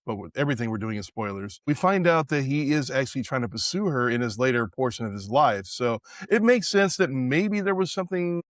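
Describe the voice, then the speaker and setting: A man's voice: medium pitch, expressive, brisk, few pauses, dry recording. A man co-hosting a podcast, casually retelling movie scenes in detail. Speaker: podcast co-host.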